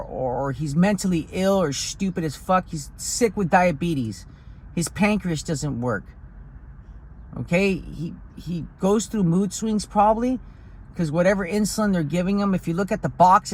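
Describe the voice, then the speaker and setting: A man's voice: sits high, a little mellow. A man talking in a blunt, profane, rambling way in a casual vlog, recorded outdoors on a hill. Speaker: vlogger.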